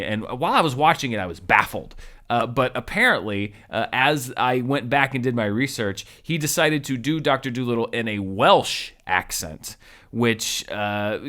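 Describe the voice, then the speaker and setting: Man, film critic, wry review monologue, mid pitch, very lively intonation. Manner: animated and wry, with sudden high jumps in pitch for emphasis.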